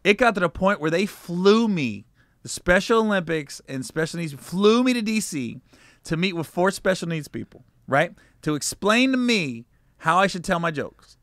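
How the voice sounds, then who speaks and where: Male comic guest, bright forceful voice, lively storyteller, dry studio sound. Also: sits high, moderate pace, no echo. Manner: animated storyteller acting out quotes. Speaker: comedian guest. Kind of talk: casual interview storytelling.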